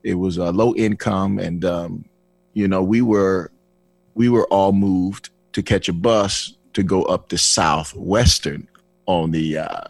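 Older man from Flint, low husky voice, lively storyteller who voices the people in his story. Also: slow, dry recording. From Flint, Michigan. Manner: animated, acts out dialogue with restarts. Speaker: guest. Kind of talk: personal testimony storytelling.

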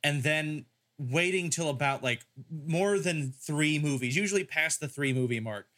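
A man's voice: fairly high pitch, measured pace, pushed and bright. A man hosting a casual film-review podcast, rambling with many fillers and restarts. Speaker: podcast host.

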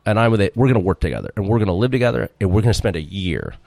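A man's voice: lowish voice, sing-song, very fast, vocal fry, a little mellow, no room sound. A middle-aged man telling a long story in a casual interview, rambling, acting out quotes and laughing often. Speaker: restaurant owner, guest.

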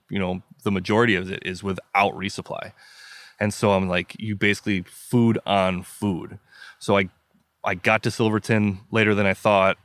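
This Midwestern American man, a guest on a podcast, recounts a story with vivid, emphatic detail, voicing his own thoughts as if quoting them. His voice is low and slightly bright, captured dry and clean in a studio.

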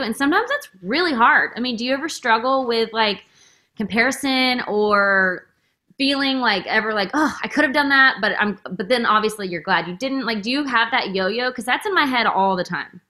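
Bright, effusive woman podcast host. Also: a little high. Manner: emotional, effusive, says "like" constantly. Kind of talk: casual interview chat.

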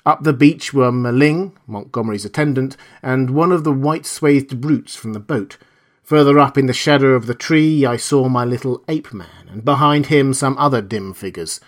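A man narrating a classic novel as an audiobook, with expressive storytelling. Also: mid-range voice, normal speed. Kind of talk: scripted narration.

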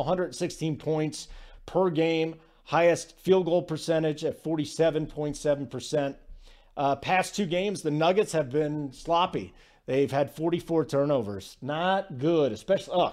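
A man's voice: a little high, darkish tone. A man hosting a sports betting podcast in casual conversational talk, loose, with fillers and restarts.

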